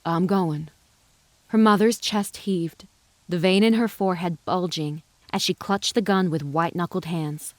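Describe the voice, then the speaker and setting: A woman reading a western novel aloud as narrator, in an even, measured storytelling voice. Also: on the low side, dry recording. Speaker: audiobook narrator. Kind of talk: scripted narration.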